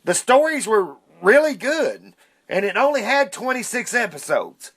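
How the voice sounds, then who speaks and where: A man's voice: extremely high pitch, big pitch swings, measured pace, fairly bright tone, no room sound, clean studio sound. A man hosting his own podcast, ranting indignantly in a casual monologue and cursing as he goes. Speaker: podcast host.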